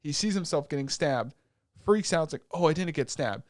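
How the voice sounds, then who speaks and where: Animated, swearing podcast co-host man. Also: fairly high pitch, fairly quick, no room sound, studio quality. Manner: animated, swearing, acts out characters' lines. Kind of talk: casual chat recapping anime.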